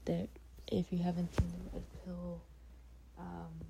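A woman giving heated, half-whispered commentary late at night in her bedroom, keeping quiet so she won't wake her sleeping dogs. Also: on the low side, completely flat delivery, slow pace, gravelly, noisy background. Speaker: vlogger reacting to a reality show.

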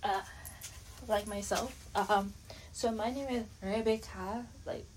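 A woman's voice: mid-range voice, fairly even intonation, slow pace, a little hiss or hum, poor audio. A young French Canadian woman hosting a podcast, rambling and indignant, with many fillers and restarts. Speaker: podcast host. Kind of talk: casual monologue.

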